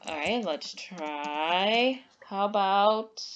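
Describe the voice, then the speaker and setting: A woman's voice: mid-range voice, animated, extremely slow, clean tone, highs cut off. A woman teacher giving an online lesson to young children, patient and encouraging, who reads example sentences aloud with exaggerated emphasis.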